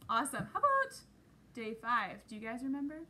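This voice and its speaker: A woman's voice: fairly high pitch, wildly swooping pitch, brisk, sharp tone. A woman teaching a children's Bible lesson, upbeat and encouraging, leading the kids in call-and-response. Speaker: Sunday school teacher.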